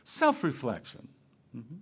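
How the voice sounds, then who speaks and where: Lively conversational male minister. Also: medium pitch, slow, husky. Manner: conversational, self-questioning, playful asides. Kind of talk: sermon.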